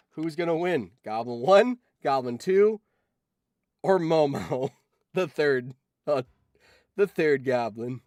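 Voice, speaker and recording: Excitable young man streamer, lively pitch. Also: slow, pauses often, no echo, studio quality. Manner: excitable, swearing, bursts of shouting. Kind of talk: reacting to a simulator game.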